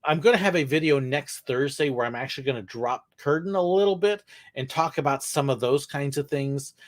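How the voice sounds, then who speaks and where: Answering viewer questions on a livestream, this man talks briskly in a voice on the high side. He's casual and a little rambling, with corny puns mixed in.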